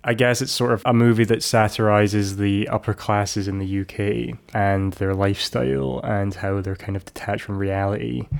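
A podcast co-host recaps a film in a rambling, playful casual chat, restarting and correcting himself often. His voice is on the low side and gravelly, with a steady tone, moderate pace, and few pauses.

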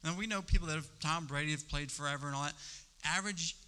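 Guy preaching, slightly high voice, really bright tone, long hall reverb, loud then hushed. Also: quick pace, clear, resonant tone. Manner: emphatic, swings between loud stresses and hushed asides. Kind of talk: sermon.

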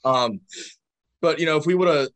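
A man's voice: fairly high pitch, normal speed, fairly bright tone. A young man, a college hockey player, talking casually and slangily on a podcast. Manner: laid-back, slangy, says "dude" often.

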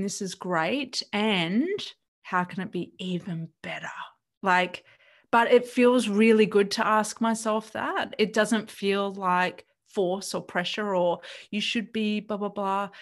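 Gentle, reflective woman coach. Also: mid-range voice. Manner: gentle, reflective, self-questioning. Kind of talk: conversational interview.

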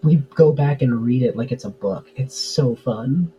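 Casual guy rambling w/ lots of likes and ums, warm low-key tone, kinda lo-fi mic. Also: unhurried, slight background noise. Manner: chatty, many fillers, laughs easily. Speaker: podcast guest, tabletop game player. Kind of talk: casual interview chat.

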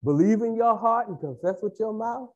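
Animated high-voiced preaching man. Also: normal speed, dull audio. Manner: emphatic preaching with repetition. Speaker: pastor. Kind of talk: sermon.

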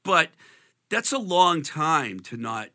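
A man's voice: on the high side, very animated, slow pace, bright, forceful tone. A man co-hosting a podcast, chatty and teasing, talking casually with his co-host. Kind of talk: casual chat.

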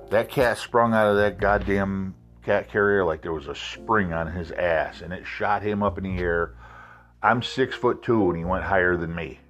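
A man from South Carolina casually telling a profane, animated anecdote. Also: sits low. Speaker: storyteller. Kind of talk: casual storytelling.

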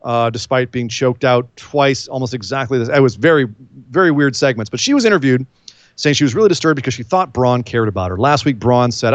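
A man co-hosting a casual wrestling recap chat, telling the story with lively quoted voices. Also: medium pitch, a little fast, dry recording, muffled recording. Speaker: podcast co-host.

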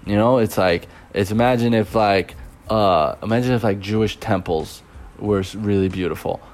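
A man's voice: lowish voice, normal speed, darkish tone. A young man who teaches abroad, casually telling a rambling story with lots of fillers and chuckles.

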